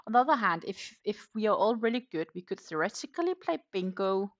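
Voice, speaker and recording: A woman hosting a crochet livestream, chatting in a relaxed, rambling way while she works. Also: mid-range voice, fairly quick, lo-fi sound. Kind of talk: casual livestream chat.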